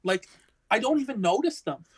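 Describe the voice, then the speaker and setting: A woman's voice: fairly high pitch, animated, normal speed, husky, rough recording. Profane, ranting woman co-host. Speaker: podcast co-host. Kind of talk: casual wrestling discussion.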